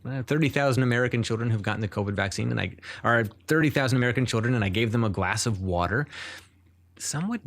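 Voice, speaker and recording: A man's voice: medium pitch, fast talker. A man speaking as a neurologist guest in an interview. He explains at length and in earnest, often restarting his sentences.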